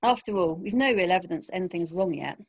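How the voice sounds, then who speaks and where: A woman reading a measured, businesslike man. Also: lowish voice, lively intonation, breathy edge, dry recording, highs cut off. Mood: tentative. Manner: tentative, businesslike. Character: practical man, measured and professional.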